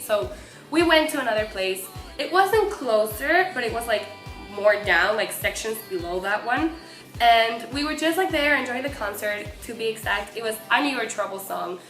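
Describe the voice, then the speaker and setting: A young woman from Mexico, excitedly telling a story as a vlogger, with lots of filler words. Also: fairly high pitch, moderate pace. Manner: excitable, gushing, many fillers. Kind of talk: casual storytelling. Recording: echoey room with faint music.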